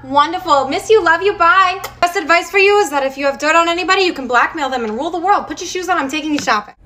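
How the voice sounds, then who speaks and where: A woman playing a brash, sassy aunt who talks fast in a comedic skit. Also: very high voice, bright, forceful tone, a little hiss or hum. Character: bold scheming aunt, adult woman.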